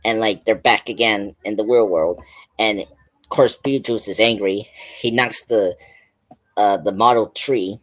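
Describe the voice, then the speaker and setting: A man's voice: fairly low pitch, steady tone, measured pace, fairly bright tone. A man hosting a pop culture stream, retelling a film's scenes in a loose, rambling way with lots of "like" and restarts. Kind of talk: casual film review chat.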